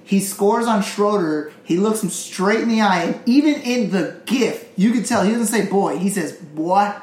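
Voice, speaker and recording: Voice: medium pitch, normal speed, darkish tone. A podcast co-host in casual sports chat, swearing freely, rambling, and trailing off mid-thought. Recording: echoey room, faint hiss.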